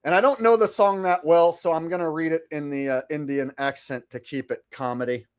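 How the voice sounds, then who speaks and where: A man's voice: on the high side, steady tone, a little fast, clear, resonant tone. A man chatting casually on his live stream, laid-back with chuckling asides.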